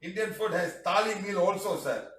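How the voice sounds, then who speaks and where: Teaching a live class, this middle-aged man, a healing teacher, speaks at normal speed in a high-sitting, slightly bright voice. His manner is playful and teasing as he reads out comments from viewers, often finishing with "huh?" or "lah." A distant mic picks him up with a roomy echo.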